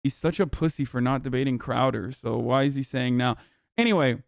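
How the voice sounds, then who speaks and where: A man's voice: mid-range voice, brisk, creaky, no room sound, clean studio sound. A man doing livestream political commentary, heated and profane, rambling through restarts as he reacts to chat. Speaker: political streamer.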